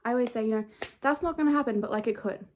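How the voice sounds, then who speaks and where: A woman's voice: on the high side, very fast. Chatty young woman vlogging at home. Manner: chatty, playful, self-mocking. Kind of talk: casual vlog narration. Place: bedroom at home.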